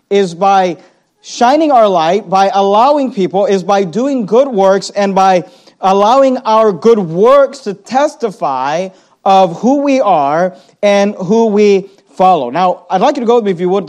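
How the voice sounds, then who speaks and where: A man preaching a sermon as pastor, reading scripture aloud and slowing down to stress key words. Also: high-pitched, darkish tone. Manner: reads scripture aloud, slows down for emphasis.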